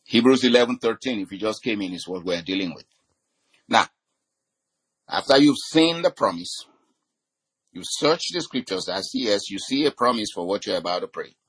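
Husky low-voiced preacher man. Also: expressive, fairly bright tone. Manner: teaching with many "you know" fillers and scripture quotes; slows and stresses key words. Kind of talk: sermon.

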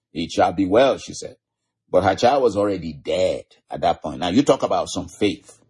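A man's voice: low-pitched, expressive, moderate pace, a little mellow, breathy edge. A man preaching a sermon, retelling scripture stories with frequent chuckles. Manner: storytelling, chuckling often.

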